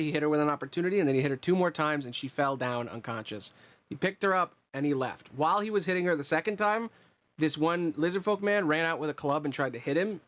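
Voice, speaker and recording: As game master of a tabletop role-playing game, a man with a slightly high voice describes scenes in a relaxed, meandering way, using plenty of fillers.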